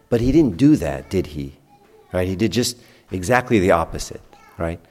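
A man's voice: sits low, expressive, normal speed, a little mellow, in a large hall. A man preaching a homily as a priest, chatting with the congregation through rhetorical questions and acted-out dialogue. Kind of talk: sermon. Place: church.

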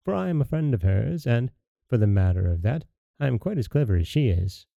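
A man's voice: medium pitch, very animated, a little fast, creaky, warm tone, dry recording. A man voicing a malicious little dwarf who talks in a wheedling, spiteful way.

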